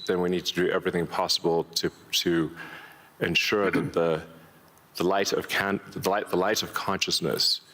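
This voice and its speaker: Deep, bright-toned man thinking aloud. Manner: halting, searching for words, many restarts. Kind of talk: reflective interview talk.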